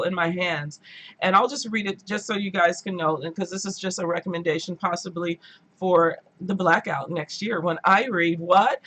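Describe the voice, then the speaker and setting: A woman hosting a casual live book chat from her room at home, talking in a chatty, animated way and slipping into playful mimicry. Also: lowish voice. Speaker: book channel host.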